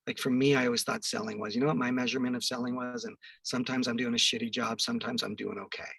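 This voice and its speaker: A middle-aged man, a podcast guest, telling a story in an animated way and acting out the quoted dialogue. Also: mid-range voice, quick pace, vocal fry, slightly rough, no echo, recorded from a distance, rough recording.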